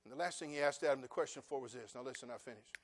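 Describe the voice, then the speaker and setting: A man preaching a sermon as pastor, peppering the congregation with questions and sarcastic asides, dropping to quiet remarks and then building to loud, driving passages. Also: medium pitch, rapid-fire.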